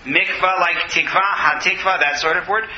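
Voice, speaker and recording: A man with a high, very bright voice teaches a text class in a classroom. He reads verses aloud, translates them and breaks them down for his students, then fields their questions. The recording is roomy and dull. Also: fairly even intonation, normal speed, a little hiss or hum. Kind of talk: text study lecture with questions.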